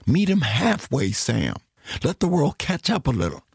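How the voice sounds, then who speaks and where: A man's voice: a little high, huge pitch swings, normal speed, creaky, slightly rough, dry recording, studio quality, pitched above the performer's own voice, full character voice. A man voicing an eager, pressing woman. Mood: urging. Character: determined woman studio manager.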